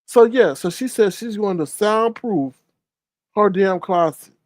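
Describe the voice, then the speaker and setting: A man hosting a casual gossip commentary, retelling a story with animated exclamations. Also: high-pitched, a little slow, dry recording. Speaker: commentary show host.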